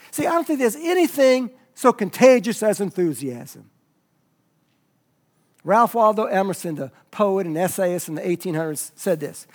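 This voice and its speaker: A man preaching a sermon as pastor, moving from soft, low asides to loud, emphatic passages.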